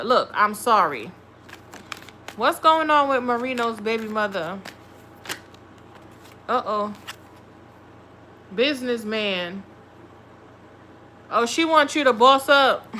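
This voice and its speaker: Bright, blunt, cursing tarot reader woman. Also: on the high side, a little hiss or hum. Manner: blunt, profane, scolding. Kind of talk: live tarot reading stream.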